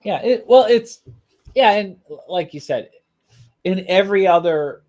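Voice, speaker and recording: A man's voice: high-pitched, lively intonation, a little slow, darkish tone. A man co-hosting a podcast, talking casually in an easygoing, agreeable way. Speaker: podcast co-host. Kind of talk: casual chat.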